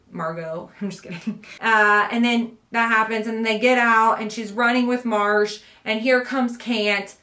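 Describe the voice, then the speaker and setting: A woman's voice: a little high, reverberant. Chatty woman reviewing a book. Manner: chatty and animated, laughs often. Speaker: book vlogger. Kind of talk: casual book review chat.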